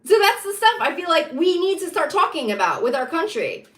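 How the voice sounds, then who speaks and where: Casting: woman, bright and high, emphatic and repetitive political rant. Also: sing-song, fairly quick. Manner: emphatic, repetitive, rising to heated insistence. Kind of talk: impassioned political monologue. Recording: echoey room.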